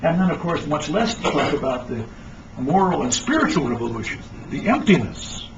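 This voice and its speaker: A man giving an animated, emphatic lecture talk, recorded on a distant, dull lo-fi mic with faint noise. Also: fairly high pitch, moderate pace. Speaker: speaker.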